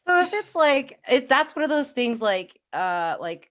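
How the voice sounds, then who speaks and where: A woman's voice: mid-range voice, a little slow, hardly any pauses, a bit bright. A woman in her thirties from New York with a New York accent, co-hosting a podcast and chatting casually on a livestream, rambling and laughing often. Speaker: podcast co-host.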